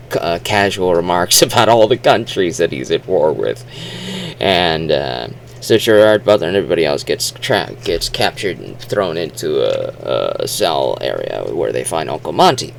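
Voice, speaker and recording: A man's voice: low voice, animated, normal speed, vocal fry, slight background noise. A man casually recapping a movie, rambling with sarcastic asides and self-deprecating remarks.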